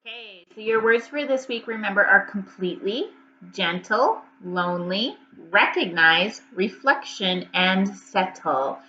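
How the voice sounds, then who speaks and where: A woman teacher giving a reading lesson to young children, slow and encouraging, repeating each prompt. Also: mid-range voice, pushed and bright, muffled recording, slight background noise.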